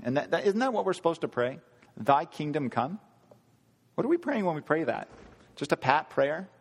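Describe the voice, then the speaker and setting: A man preaching a sermon, earnest, asking the congregation rhetorical questions and slowing down for emphasis. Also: mid-range voice, long reverb tail. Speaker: pastor.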